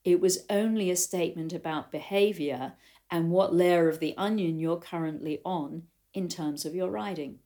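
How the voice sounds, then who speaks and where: A woman's voice: fairly low pitch, normal speed. An older woman, a riding coach, giving a reflective talk to riders and telling stories in a thoughtful way. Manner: thoughtful, storytelling, animated quotes.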